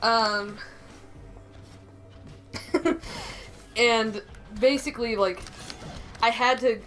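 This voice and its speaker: A young woman co-hosting a gaming stream, telling rambling, animated stories with lots of laughter. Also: medium pitch, poor audio. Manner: rambling, animated storyteller who laughs often. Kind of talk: casual chat over gameplay.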